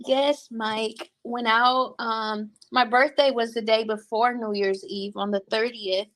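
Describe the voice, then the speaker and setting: A woman livestreaming and reading her chat, talking bluntly with lots of cursing and quick laughs. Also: a little high, fairly even intonation, a bit bright, dry recording. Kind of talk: casual livestream commentary.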